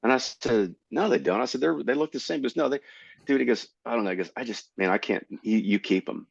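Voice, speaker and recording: A middle-aged male comedian telling stories in a casual interview, jumping into higher voices to act out what people said. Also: fast talker, gravelly, dry recording, lo-fi sound. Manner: animated, jumps into high voices to act out quotes. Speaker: comedian guest.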